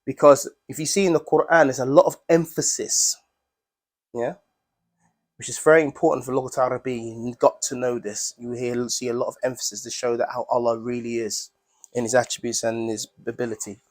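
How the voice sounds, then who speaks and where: A man's voice: mid-range voice, level tone, a little fast. A man teaching a class, explaining Arabic words step by step and often checking in with the students.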